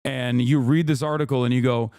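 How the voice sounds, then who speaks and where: Male streamer, sarcastic reaction commentary, rambling restarts, mid-pitched, dry close sound. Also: fairly even intonation, brisk, darkish tone, clear, resonant tone, dry recording. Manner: sarcastic, mock-outraged asides. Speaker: political streamer.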